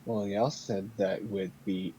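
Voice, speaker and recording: Slow, mellow-voiced man at a tabletop game. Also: fairly low pitch, level tone, a little hiss or hum. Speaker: tabletop player. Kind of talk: casual in-character tabletop role-play.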